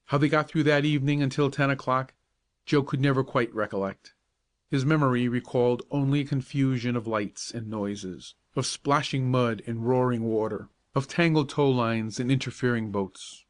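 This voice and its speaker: A male audiobook narrator reads a classic children's tale in a calm, measured way. His voice sits at an ordinary middle pitch and carries the story steadily. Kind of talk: scripted bedtime story narration.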